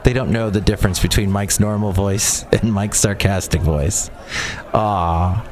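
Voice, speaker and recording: A man's voice: fairly low pitch, fairly even intonation, measured pace, a little mellow, slight background noise. A man hosting his own comedy podcast, sarcastic and rambling, with a self-deprecating edge. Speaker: podcast host. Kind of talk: solo comedy podcast monologue.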